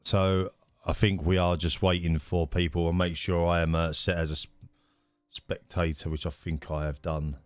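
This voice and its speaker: A man's voice: deep voice, little pitch movement, normal speed, no room sound, soft background music. A man hosting a live stream of a racing league, chatting casually and greeting viewers by name with lots of fillers.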